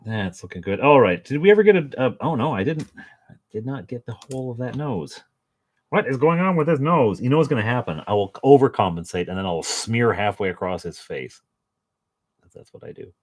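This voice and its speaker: A man's voice: mid-range voice, lively intonation, fairly quick. A man chatting casually to his viewers while painting at home, joking about himself and chuckling often. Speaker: painting vlogger.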